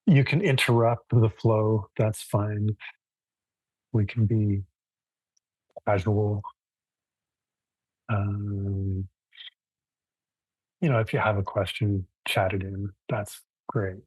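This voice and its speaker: A man teaching a relaxed live yoga class online, talking casually and thoughtfully, with frequent restarts. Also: on the low side, takes it slowly, long pauses, slightly rough, no room sound, low-quality recording.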